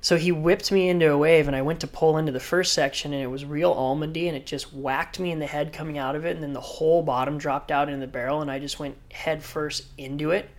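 A man telling a story in casual chat, animated, acting out quotes and laughing. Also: a little high, fast talker, few pauses. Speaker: guest surfer.

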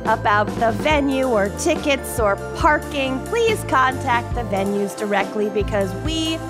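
A woman's voice: on the high side, lively intonation, a little slow, music in the background. A woman co-hosting a podcast, chatting casually with friends and laughing often. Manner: giggly, jokey, bursts of laughter. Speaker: podcast co-host.

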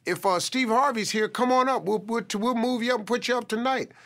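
A man voicing an excited male comedy club emcee in a story, rushing through an announcement. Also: very high voice, pitched above the performer's own voice, heavily acted.

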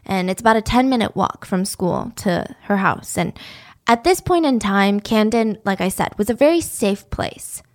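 A woman telling a story in a chatty, animated way with dramatic asides. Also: mid-range voice, moderate pace. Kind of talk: casual storytelling.

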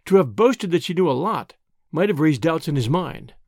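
Give me a male narrator for an audiobook. His reading is measured and his pitch moves a lot. The recording is dry, with no room sound. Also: very animated, dry recording. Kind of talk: scripted narration.

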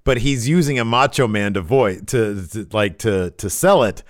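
Co-hosting a casual wrestling livestream, a man with a fairly low pitch speaks at normal speed. His talk is eager and rambling, full of restarts and agreement noises, and the clean studio recording has no echo.

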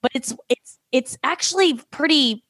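A woman's voice: sits high, moderate pace, fairly bright tone, no room sound, studio quality. A woman comedian talking as a podcast guest, rambling and self-critical with lots of restarts. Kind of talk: casual podcast chat.

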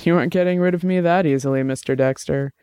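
A man's voice: on the high side, fast, a little mellow, smooth, no room sound, clean studio sound, voice pushed up, lightly acted. A man voicing a sly, forgiving middle-aged woman in an audiobook drama, with a teasing, earnest manner.

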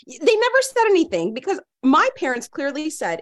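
A woman hosting a parenting talk show, chatty and quick to laugh. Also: sits high, wildly swooping pitch. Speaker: host. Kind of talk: casual chat.

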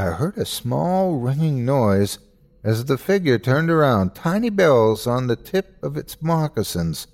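A man hosting and narrating a dramatic horror story in an expressive, measured way that builds suspense. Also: mid-range voice. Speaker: host and narrator.

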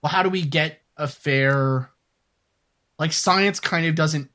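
A man's voice: a little high, slow, sharp tone. A man hosting a podcast, chatting casually and rambling, then reading an upbeat sign-off. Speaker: podcast host. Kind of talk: casual chat.

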